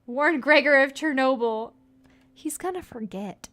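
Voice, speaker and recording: A woman talking through a video game in casual chat, with a fairly high voice. She jokes, rambles and breaks into laughter often. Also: lively intonation, a little slow, fairly bright tone. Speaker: game streamer.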